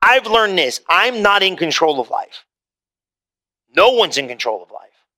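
A man preaches to a congregation with a high, bright voice. He talks to the room like a friend, shifting pitch and pace often as he makes his points. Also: big pitch swings, unhurried. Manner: conversational preaching, wide swings in pitch and pace. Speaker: pastor. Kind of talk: sermon. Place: church hall before a congregation.

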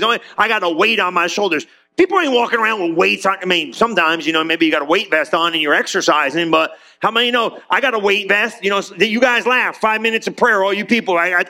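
High-voiced animated male pastor. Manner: conversational, animated, acts out quotes in voices. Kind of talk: sermon.

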